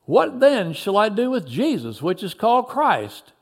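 A stern Roman governor, put on by a man reading aloud, pressing his questions in slow, archaic phrasing with a raised voice. His tone swings widely, rising and falling. It sounds like a dramatized scripture reading. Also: high voice, wildly swooping pitch, heavily acted. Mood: exasperated. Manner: archaic formal speech, slow and emphatic.

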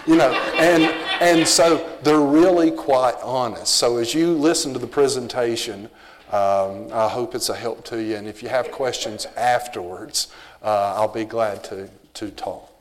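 This visiting missionary, a man with a Southern US accent, talks a little slowly in a mid-range voice, and the church sanctuary gives it a big-room sound. His address to the congregation is easygoing and informal, folksy in manner with plenty of fillers.

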